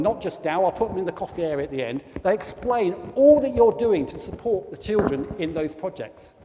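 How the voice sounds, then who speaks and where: Guest-speaking at a church, a South East English man delivers a chatty, informal talk, constantly asking the congregation tag questions. His high, mellow voice is animated and fairly quick, with few pauses, while the sound carries long reverb and faint noise.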